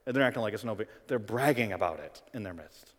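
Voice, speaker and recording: A male pastor preaching a sermon, swinging between quiet, conversational stretches and loud, emphatic ones. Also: lowish voice, animated, fast. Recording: reverberant hall.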